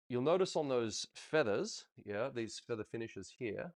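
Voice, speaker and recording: A man coaching a ballroom student over video, chatty and encouraging, counting steps out loud. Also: mid-range voice, very animated, normal speed.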